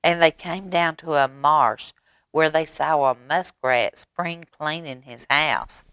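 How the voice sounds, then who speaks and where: A woman reading a story aloud to children at storytime, with gentle animated asides. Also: low-pitched, slow pace, clean tone, dry recording.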